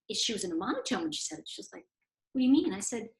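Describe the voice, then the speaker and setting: A woman's voice: mid-range voice, very animated, rapid-fire, low-quality recording. A woman giving a casual spiritual lesson, talking conversationally and acting out bits of dialogue with emphatic swings. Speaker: spiritual teacher and oracle card author. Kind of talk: casual teaching talk.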